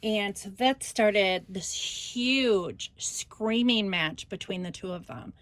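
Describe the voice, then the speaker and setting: Speaking slowly in a mid-range voice, an older woman who runs a scrapbooking channel meanders through a family argument with lively retelling. The sound is dry.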